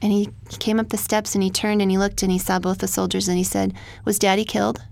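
A woman telling a personal story of loss as a radio guest, soft-spoken and halting, sometimes dropping to a whisper. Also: mid-range voice, little pitch movement, vocal fry. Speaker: guest, military widow.

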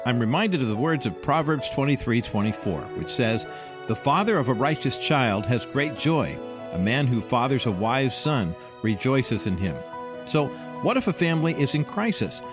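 A man hosting a radio program, reading a smooth scripted introduction. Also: mid-range voice, animated, normal speed, over music.

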